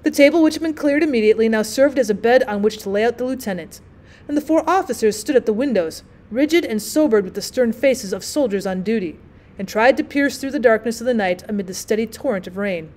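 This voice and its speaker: A woman teacher reads a classic short story aloud as an audiobook, telling it steadily and expressively. Her voice sits a touch higher than most women's. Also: animated, fast talker, darkish tone.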